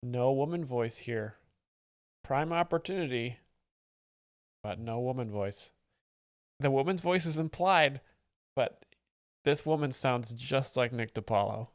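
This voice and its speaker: A man's voice: medium pitch, expressive, unhurried, pauses often, dry recording. A man chats over a stand-up clip on a live stream, wry and rambling as he explains the jokes. His voice sits in the middle range and sounds dry and close to the mic, with no room around it. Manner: wry, rambling, reads donations aloud. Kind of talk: casual live-stream commentary.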